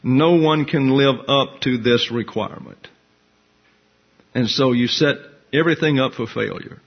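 Husky-voiced man teaching a Bible class. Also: mid-range voice, a little slow, highs cut off. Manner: conversational, asks the class questions.

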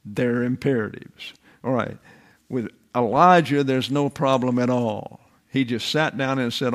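Older male Bible teacher, sermon delivery, emphatic and repetitive, average pitch. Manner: deliberate, emphatic, repeats phrases.

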